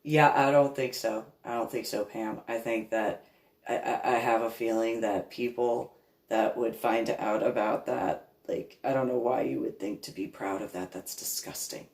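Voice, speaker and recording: Animated woman telling a story in an echoey room. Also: a bass voice, normal speed. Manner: animated, repeats words and exclamations. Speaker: reverend. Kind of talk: casual storytelling monologue.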